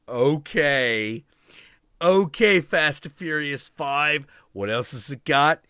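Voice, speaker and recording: A man with a bright, forward voice chats casually on a stream, swearing freely and laughing as he tells his story. The sound is close and dry, with no room around it. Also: fairly high pitch, takes it slowly, smooth, no echo. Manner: animated, profane, laughing storyteller. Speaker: stream host. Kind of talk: casual chat.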